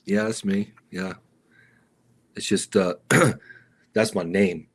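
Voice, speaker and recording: A middle-aged man, a stuntman guest, telling stories casually with animated energy, slipping into raised voices for other people and calling the host "dude". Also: low-pitched, slow, husky. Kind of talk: casual storytelling interview.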